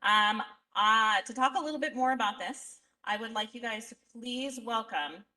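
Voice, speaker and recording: A woman's voice: on the high side, normal speed, pushed and bright, recorded from a distance, low-quality recording. A woman teacher speaking casually at a school ceremony, introducing the next speaker. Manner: chatty, informal, with fillers. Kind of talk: ceremony remarks.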